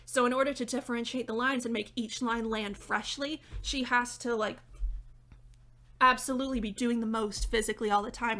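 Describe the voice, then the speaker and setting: A young woman talking through a theater review in a chatty, animated way, often laughing between points. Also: a little high. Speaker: theater critic and dramaturg. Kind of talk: casual video review. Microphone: reading notes off-camera.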